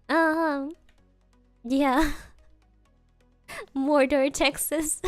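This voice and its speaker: A woman's voice: high voice, very slow, pauses often, dry recording, soft background music. A woman streamer chatting playfully with her audience, often giggling and answering viewers' messages. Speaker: virtual streamer. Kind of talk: casual live-stream chat.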